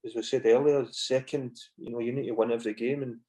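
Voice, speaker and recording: This mid-range, dark-toned voice belongs to a Scottish man in his forties who used to play football. On a podcast, he rambles fast and steadily through anecdotes, swearing and dropping "you know" again and again in casual storytelling chat.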